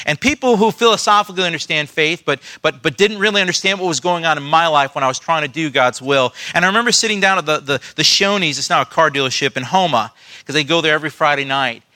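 A male pastor with a high, bright and forceful voice preaches a sermon in church. He talks in an earnest, animated way, and his sentences often stumble and start over as he tells stories. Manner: earnest, animated storytelling with frequent restarts.

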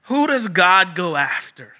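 A man's voice: high-pitched, sing-song, a little slow, sharp tone. A man preaching a sermon, emphatic and repeating phrases for stress.

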